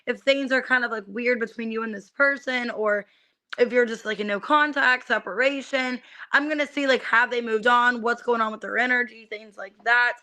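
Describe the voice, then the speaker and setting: Bright chatty young woman reading tarot. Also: on the high side, fairly even intonation, normal speed. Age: young adult. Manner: chatty, many fillers, greets viewers by name. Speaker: tarot reader streaming live. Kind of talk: casual live-stream chat.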